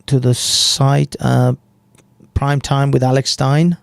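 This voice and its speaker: A man chatting casually on a live stream, slow and profane. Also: mid-range voice, little pitch movement, vocal fry, no room sound.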